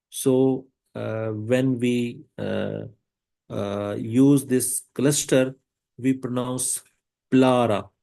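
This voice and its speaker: A man giving a webinar lecture over a video call, pausing often with fillers. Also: mid-range voice, vocal fry, mellow. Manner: slow, hesitant with frequent fillers.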